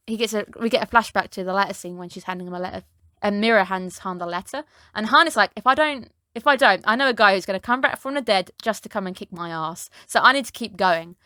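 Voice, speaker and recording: A woman recapping an anime episode in a chatty, animated way, often acting out the characters' lines in lively voices. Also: medium pitch, no room sound, clean studio sound. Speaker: anime reviewer.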